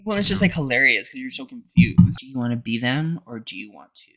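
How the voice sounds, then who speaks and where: A young man co-hosting a comedy podcast, telling stories in a camp, animated way with acted quotes. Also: medium pitch, quick pace. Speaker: podcast co-host. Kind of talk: casual comedic chat.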